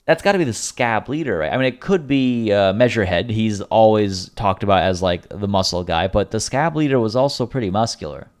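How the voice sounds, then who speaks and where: A man's voice: lowish voice, brisk, few pauses. A man streaming a game live, chatting animatedly, joking and thanking viewers. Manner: animated, jokey, reads game text aloud. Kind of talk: live let's-play commentary.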